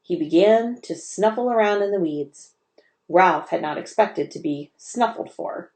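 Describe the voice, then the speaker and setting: A woman's voice: fairly low pitch, expressive, a little slow, a little mellow. Woman reading a children's story aloud, echoey room. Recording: roomy echo.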